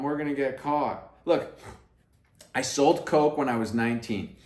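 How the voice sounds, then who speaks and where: A man telling a story to camera in a brash, profane way, swinging between hushed asides and loud emphatic bursts. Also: mid-range voice, reverberant. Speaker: vlogger.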